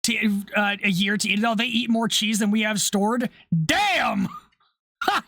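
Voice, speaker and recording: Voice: medium pitch, bright, forceful tone, no echo. A live streamer chatting casually while building LEGO, reacting to chat messages, laughing often and swearing freely.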